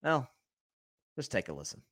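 A man hosting a sports podcast in casual talk, excitable and laughing, often tripping over repeated words. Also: mid-range voice, normal speed, husky, dry recording, clean studio sound. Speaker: podcast host.

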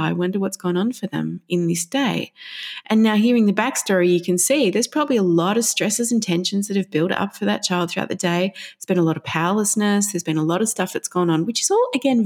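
Middle-aged parenting counsellor, warm storyteller; slips into character voices for parents and kids. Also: female voice, medium pitch. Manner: vivid storytelling, briefly acting out parents and children in raised voices. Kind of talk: explaining in a podcast interview.

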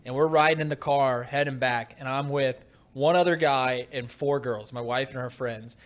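A man co-hosting a casual sports talk show, telling a lively story and getting loud when he acts out his rant. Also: medium pitch, moderate pace. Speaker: podcast co-host.

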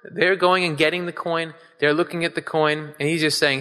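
Man preacher, bright forceful tone, casual emphatic sermon with scripture reading, reverberant hall. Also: fairly high pitch, fairly even intonation, normal speed. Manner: conversational, emphatic, asks the audience questions.

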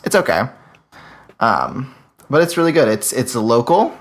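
A man's voice: medium pitch, sing-song, unhurried, gravelly. A man co-hosting a casual podcast, playful and giggly while he talks about his beer. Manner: playful, giggly, drifts into a mock French voice. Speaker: podcast co-host. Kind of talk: casual banter.

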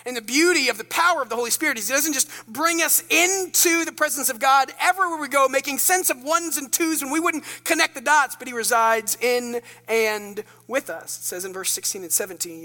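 Male pastor, bright tone, self-deprecating storyteller, sermon recorded in a reverberant church. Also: extremely high pitch, normal speed. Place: church sanctuary.

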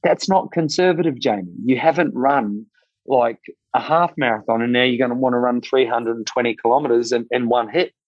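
A man voicing a blunt older male mentor in his sixties, with a brisk, commanding, no-nonsense manner. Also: medium pitch, dry recording, muffled recording, close to an everyday voice. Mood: brisk urging. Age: 60s.

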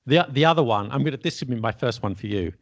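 Man, casual chat, gravelly tone, dry recording, laughs at himself. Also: medium pitch, animated, fast talker, no echo. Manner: chatty, self-deprecating, laughs often. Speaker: podcast host and English teacher. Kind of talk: casual conversation.

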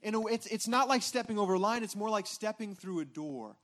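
Pastor, male, high voice, informal conversational sermon delivery, lots of restarts and check-ins with the room. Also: expressive, brisk, a bit bright. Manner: informal, repeats words and restarts, frequent "right?" checks with congregation. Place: church stage before a responding congregation.

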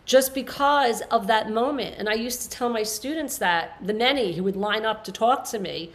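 A woman's voice: a little high, moderate pace. Passionate, earnest woman in her fifties. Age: 50s. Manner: earnest, passionate, rambling with restarts. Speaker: podcast guest. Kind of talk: emotional conversational interview.

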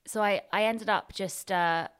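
A woman's voice: mid-range voice, fairly even intonation, measured pace, fairly bright tone, smooth. A woman in her thirties in casual chat as co-host, rambling and self-deprecating.

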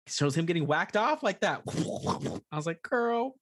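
An animated young woman with a husky edge, her pitch swinging high and low as she acts out her reactions. She co-hosts a casual chat and swears freely. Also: measured pace. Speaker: podcast co-host.

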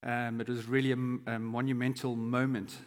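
A man in his forties preaches in a relaxed, conversational way, often stumbling over restarts and filling pauses with "um." His voice is pitched at an ordinary middle register. A long church-hall reverb trails every phrase. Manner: conversational, hesitant with many fillers and restarts. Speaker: pastor. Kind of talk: sermon.

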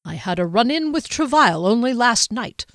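A woman's voice: fairly high pitch, lively intonation, moderate pace, no echo, studio quality, voice pushed up, close to an everyday voice. A woman reading aloud voices an irritable, fussy male mage in a fantasy story. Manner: snappish, fussy.

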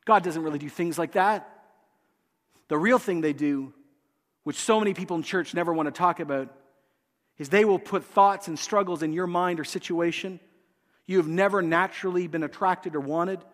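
A pastor, preaching a sermon in a church and speaking earnestly and directly to the congregation. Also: male voice, sits high, moderate pace, a bit bright, in a large hall. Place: church sanctuary.

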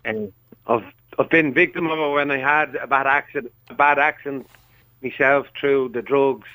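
A man's voice: mid-range voice, steady tone, moderate pace, sharp tone, dry recording, rough recording. A man with a Dublin accent calling in to a radio show, frank and easygoing, speaking with a laugh. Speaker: radio caller. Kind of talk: casual phone-in chat.

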